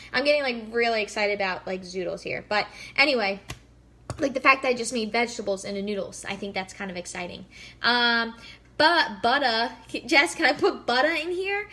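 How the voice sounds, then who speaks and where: Cooking in her home kitchen, a fitness vlogger in her thirties keeps up bubbly, filler-heavy live chatter. She speaks in a fairly high voice with a sharp tone.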